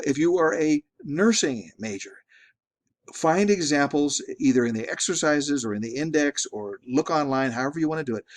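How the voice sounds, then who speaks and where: Man giving a rambling statistics lecture. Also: medium pitch. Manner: conversational, repeats and restarts words often. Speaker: statistics instructor. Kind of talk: recorded lecture.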